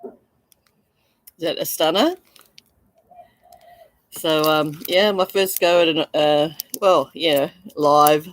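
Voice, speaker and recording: A woman's voice: low-pitched, fairly even intonation, slow pace, long pauses, low-quality recording. An Australian woman chatting casually on her first livestream, showing and selling coins, gushing and full of fillers. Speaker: coin seller on a livestream. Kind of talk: casual live selling chat.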